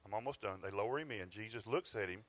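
Speaking fast in a lowish voice, a middle-aged Georgia pastor preaches a sermon in a church sanctuary. His style is folksy and conversational with bursts of emphasis.

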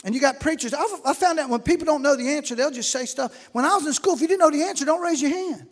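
A middle-aged man preaching a sermon with folksy storytelling, acting out shouting congregants as he goes. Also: very high voice, fast talker.

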